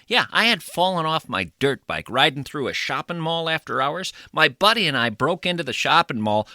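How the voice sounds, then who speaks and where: A man's voice: a little high, sharp tone, no room sound, clean studio sound, full character voice. A man voicing a grown-up small-time former shoplifter who rambles through a boastful story.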